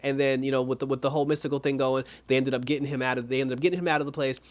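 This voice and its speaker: A man reviewing a TV episode in a casual video, animated and laughing often as he recaps. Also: medium pitch, very fast. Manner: animated, laughs often, quotes characters in put-on voices. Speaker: TV show reviewer.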